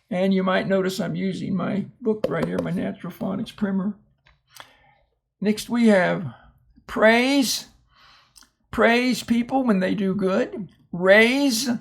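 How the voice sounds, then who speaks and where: A man leads a reading lesson at a very slow pace. His voice is gravelly and fry-laden, and he stretches out each example word with deliberate care before using it in a simple sentence. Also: high-pitched. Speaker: phonics teacher.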